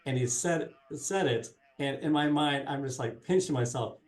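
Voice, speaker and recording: Middle-aged male guest, casual rambling talk, warm dark tone, roomy echoey sound. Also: mid-range voice, moderate pace. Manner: rambling, many fillers and restarts. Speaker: guest, sports marketing specialist and former TV reporter. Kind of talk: casual interview chat. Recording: roomy echo.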